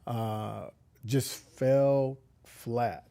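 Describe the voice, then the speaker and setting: A man's voice: medium pitch, fairly even intonation, drawn-out words, creaky, mellow. A middle-aged man giving an earnest, reflective faith testimony as an interview guest, often restarting his sentences. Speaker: guest, community founder.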